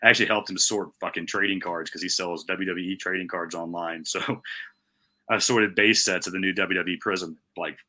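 Deep-voiced rambling young man. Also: steady tone, moderate pace, bright, forceful tone. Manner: rambling, swears a lot, says bro and dude. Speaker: podcast co-host. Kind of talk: casual chat.

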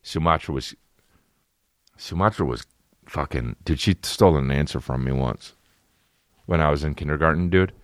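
A young man hosting a podcast, telling rambling, profane stories in a casual comic way with animated bursts. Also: a bass voice, normal speed, pauses often, no room sound, clean studio sound. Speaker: podcast host. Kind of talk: casual comedic storytelling.

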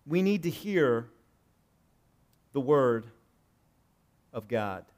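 A male pastor preaching a sermon, swinging between loud emphatic lines and hushed low ones, reading scripture and explaining it conversationally. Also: very animated, drawn-out words. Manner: reads scripture aloud and paraphrases it conversationally.

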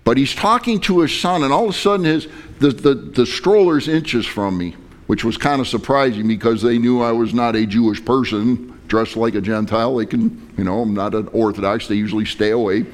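A man's voice: mid-range voice, fairly quick. A male pastor preaching a sermon and telling a personal story in a conversational, dramatic way.

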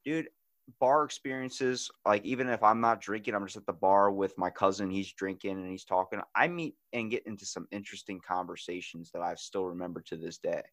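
A man hosting a podcast, telling stories in casual chat with lots of swearing and loud acted-out quotes. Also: deep voice, a little fast, no echo, studio quality. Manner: animated storyteller, swears freely, acts out quotes loudly.

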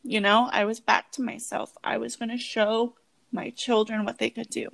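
A woman in her thirties speaks in a casual, heartfelt conversation. Her delivery is earnest and halting, full of restarts. The sound is dry and close, with no room around it. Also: fairly high pitch, level tone, vocal fry, fairly bright tone, no room sound. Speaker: podcast co-host.

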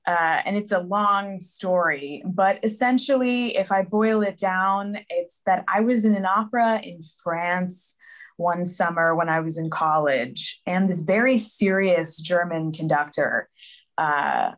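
A woman's voice: on the low side, unhurried. Chatty woman from the Philadelphia area. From Philadelphia area, USA. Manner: chatty, animated storyteller, laughs easily. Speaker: singer, interview guest. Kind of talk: casual interview chat. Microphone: video call.

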